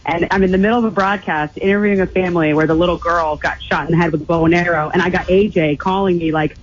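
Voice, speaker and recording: A woman's voice: lowish voice, fairly even intonation, fast talker. A woman calling in to a radio show, bubbly and laughing as she catches up with the host. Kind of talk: casual phone-in chat. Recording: dull phone-in radio sound with music.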